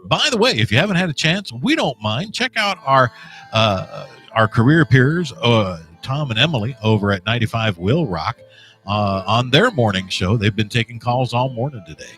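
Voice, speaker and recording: A man's voice: medium pitch, big pitch swings, normal speed, fairly bright tone, faint music behind. A man in his fifties hosting a morning radio show, talking in a preachy, rambling, folksy way. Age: 50s. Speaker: radio host. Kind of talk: opinionated radio monologue.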